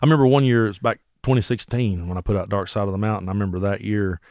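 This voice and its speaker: Guy spinning bar-gig stories, quick and kinda low, dry sound. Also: dry recording. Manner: animated, acts out voices. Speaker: musician guest. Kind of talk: casual storytelling.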